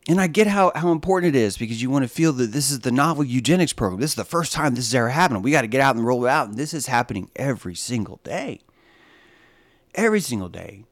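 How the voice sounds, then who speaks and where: With no echo in the recording, a male live streamer delivers a rambling, sarcastic monologue, dropping to quiet mutters one moment and shouting exclamations the next.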